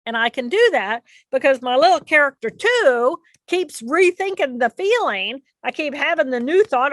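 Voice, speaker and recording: Woman speaker, high voice, animated lecture delivery, dry close sound. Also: normal speed, few pauses, dry recording. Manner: animated, acts out inner voices and repeats phrases. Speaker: speaker presenting to an audience. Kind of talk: explanatory lecture talk.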